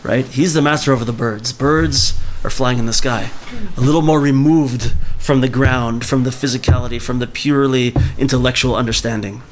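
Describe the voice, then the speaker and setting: A man's voice: mid-range voice, steady tone, normal speed, few pauses, a little hiss or hum. A man leading a book club, reading a story aloud and explaining it conversationally, often checking in with his listeners.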